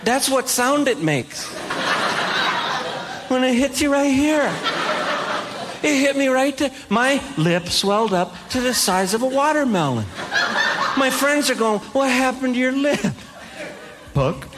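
A man doing stand-up comedy, telling self-deprecating stories in an animated way and acting out the dialogue. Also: very high-pitched, unhurried, long pauses, heavy background noise.

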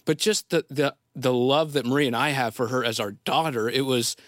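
A man, the show's audio engineer and a father, telling a family story as a guest in earnest, halting speech. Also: mid-range voice, no echo, clean studio sound. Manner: earnest, halting, animated when quoting. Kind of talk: storytelling in casual chat. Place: radio studio.

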